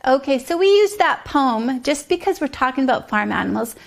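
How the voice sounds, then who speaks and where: A woman leading a preschool circle time outdoors, talking slowly and sing-song, sometimes dropping to a whisper for guessing games. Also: high-pitched, very animated, creaky. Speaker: preschool teacher.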